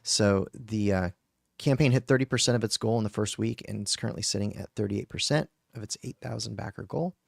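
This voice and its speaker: Guy reading podcast news off his notes, low gravelly voice, ums and restarts, dry sound. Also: brisk, hardly any pauses, no room sound. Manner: reads from notes with fillers and restarts. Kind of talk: casual news roundup.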